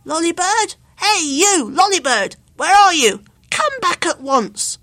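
A woman's voice: high voice, lively intonation, measured pace, creaky, no echo, full character voice. A woman voicing a distressed man hunting for his runaway bird in a storybook, raised and pleading. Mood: calling. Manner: pleading and calling out. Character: anxious grown man searching for his lost bird.

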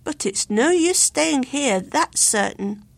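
A woman's voice: high-pitched, expressive, slow pace, gravelly, no echo, full character voice. A woman voicing a distressed man hunting for his runaway bird in a storybook, raised and pleading. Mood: worried. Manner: pleading and calling out. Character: anxious grown man searching for his lost bird.

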